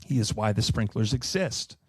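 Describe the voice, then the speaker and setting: A middle-aged man giving an animated solo finance presentation, emphatic and sardonic with profane asides. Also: lowish voice, normal speed, breathy edge, no echo. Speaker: finance commentator.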